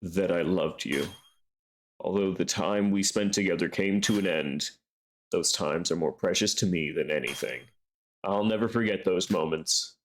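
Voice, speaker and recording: Sorrowful game character saying goodbye, low and solemn, read by a man. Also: normal speed, slight background noise, natural voice. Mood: mournful.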